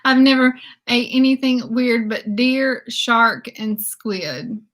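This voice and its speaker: A woman's voice: fairly high pitch, slow pace, a bit bright. A woman in her fifties, from the southern United States, hosting a casual livestream chat, giggling often and reacting to viewers' comments. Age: 50s. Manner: giggly, exclaims "oh my goodness" often. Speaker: beauty channel host.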